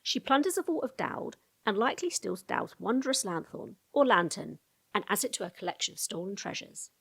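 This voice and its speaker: Woman, breathy-husky tone, video lore narration, casual asides to viewers, close mic. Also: medium pitch, sing-song, brisk.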